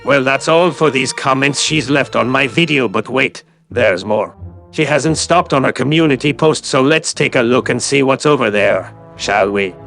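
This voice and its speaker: Sarcastic man with a gravelly edge. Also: mid-range voice, normal speed, few pauses, fairly bright tone, faint music behind. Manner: sarcastic, condescending. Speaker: YouTube commentator. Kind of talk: callout commentary video.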